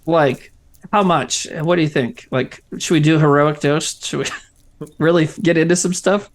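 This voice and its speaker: A man's voice: on the high side, normal speed. A man co-hosting a livestream, chatting casually and reading viewer comments aloud with a jokey manner. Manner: lively, jokey, reads out chat. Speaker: comedy troupe member co-hosting a stream.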